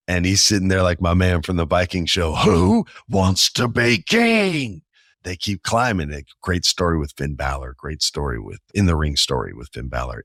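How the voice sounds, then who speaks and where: Flying solo on his podcast, a man in his forties tells stories in a deep, low voice with a touch of brightness, full of casual enthusiasm and slang. The recording is dry and close-miked, with no room around it.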